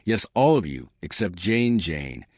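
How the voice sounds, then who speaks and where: A man voicing a big, quiet fellow who turns gruff, blunt and commanding. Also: low-pitched, sing-song, a little slow, dry recording, clean studio sound, exaggerated voice. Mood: defiant.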